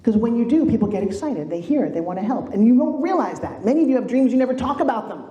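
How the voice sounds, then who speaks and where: Middle-aged female keynote speaker, animated storyteller, mellow tone, roomy echo. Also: a little high, fast, muffled recording. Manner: animated storytelling, acts out quoted voices. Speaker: motivational speaker. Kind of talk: motivational keynote speech. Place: stage in a large room.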